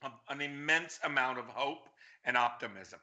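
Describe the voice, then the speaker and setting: A man's voice: mid-range voice, expressive, moderate pace, pushed and bright. A man speaking as a political guest on a talk show, effusive and earnest.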